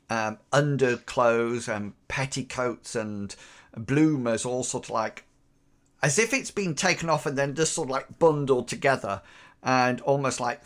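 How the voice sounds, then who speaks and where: A man running a tabletop game, describing the scene at an unhurried pace. His phrasing is halting and full of fillers. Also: mid-range voice, a bit bright. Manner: hesitant, many fillers. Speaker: game master.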